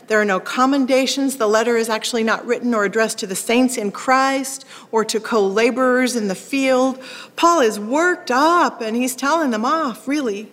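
A woman pastor preaching a sermon, animated, acting out quoted lines with sharp rising questions. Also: a little high. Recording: long hall reverb.

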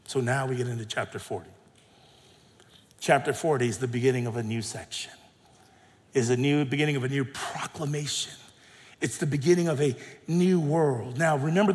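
A middle-aged male pastor preaching a sermon with emphatic, dynamic delivery that swings between soft drops and loud rises. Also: on the high side. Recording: long hall reverb.

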